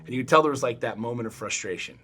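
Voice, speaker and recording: A middle-aged man co-hosting a podcast, telling a story in a blunt, profane, animated way. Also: mid-range voice, rapid-fire, slight background noise. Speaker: podcast co-host. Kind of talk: casual chat.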